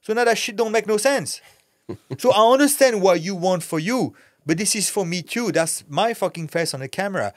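A middle-aged man, an actor who used to fight, speaks as a podcast guest with a high, animated voice at normal speed. He's blunt and intense, swearing freely as he talks candidly. The studio recording is clean, with no room sound.

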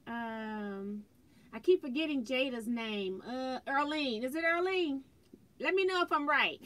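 High-voiced woman chatting with viewers. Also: unhurried, a bit bright. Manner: chatty, reads comments aloud and greets viewers by name. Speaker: quilting livestream host. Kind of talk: casual livestream chat reading viewer comments. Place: indoors at home, fireworks outside. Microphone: phone.

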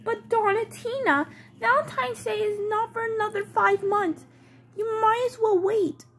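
Brief: woman voicing a patient little-girl doll, high and unhurried. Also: fairly even intonation, fairly bright tone, a little hiss or hum. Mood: calm. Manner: reassuring, slow and patient. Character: calm, helpful young girl doll. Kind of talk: toy play storytelling.

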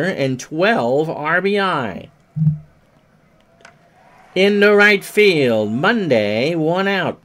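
A man doing solo play-by-play for a simulated baseball game. He sounds stuffy from sneezing, gets loud on big hits and drops low for side remarks. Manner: rises loudly on hits, drops low for asides.

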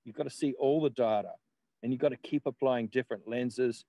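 A man's voice: medium pitch, a little fast, mellow, no echo, low-quality recording. A man, a guest in casual conversation, rambling with laughs and the odd swear word.

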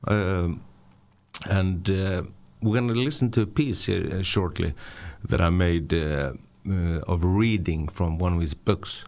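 A deep man with a gravelly edge, talking in a halting way with lots of fillers and restarts. He has a cold and it comes through in his voice. It's a casual radio studio chat. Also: a little mellow. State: voice affected by a cold. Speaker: radio producer.

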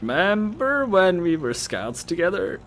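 A man's voice: high voice, very animated, fairly bright tone, slight background noise, pitched above the performer's own voice, heavily acted. A man doing a drunk, whiny cat girl. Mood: drunk, pleading. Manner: slurred, drawn-out, whiny. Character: drunk, clingy young female cat.

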